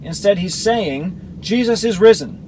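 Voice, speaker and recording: A man's voice: high voice, animated, measured pace, a little mellow, a little hiss or hum, rough recording. A man reading Bible verses aloud and explaining them, comparing the gospel accounts as a teacher. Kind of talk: scripture reading with commentary.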